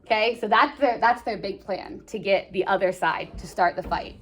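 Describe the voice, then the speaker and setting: A woman teaches a high school English class in a classroom. Her voice sits at a middle pitch. She keeps the lesson chatty and full of jokes and slangy asides to her students. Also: moderate pace, a bit bright. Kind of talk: classroom lesson, reading and explaining a play.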